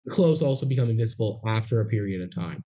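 A man's voice: lowish voice, lively intonation, fast talker, mellow. A young man co-hosting a podcast, chatting casually about a film with dry, wry understatement. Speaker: podcast co-host. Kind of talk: casual movie recap chat.

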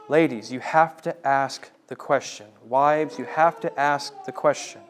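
Slow, emphatic male preacher. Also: mid-range voice. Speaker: pastor. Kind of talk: sermon.

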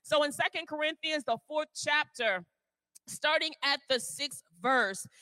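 A woman elder preaching a fervent sermon, reading scripture slowly and calling on listeners to repeat after her, at times rising to a shout. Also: high-pitched, animated, dry recording. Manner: reads scripture slowly and deliberately. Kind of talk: sermon with call-and-response.

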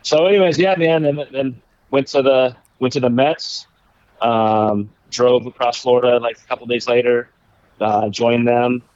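A man, a former baseball pitcher, casually telling a rambling story in conversation, laughing now and then. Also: unhurried, darkish tone, no echo, highs cut off. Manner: laid-back, rambling, laughs while telling stories.

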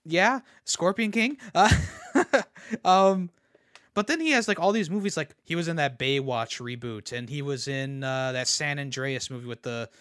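A man's voice: on the high side, measured pace, fairly bright tone, clear, resonant tone, no echo, clean studio sound. A young man hosting a podcast, ranting casually about pop culture. He rambles, repeats words and laughs at his own jokes. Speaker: podcast host. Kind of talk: casual opinion rant.

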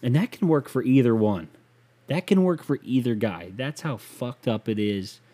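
A man with a mid-pitched voice rants alone into a podcast microphone. He rambles from point to point and swears freely, with a mocking edge. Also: expressive, moderate pace, dark tone. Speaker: podcast host. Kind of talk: casual solo podcast rant.

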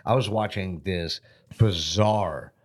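A man's voice: deep voice, slow pace, a little hiss or hum. A middle-aged man co-hosting a casual podcast chat, telling rambling, profane stories and laughing often. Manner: profane, rambling storyteller who laughs a lot. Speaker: podcast co-host.

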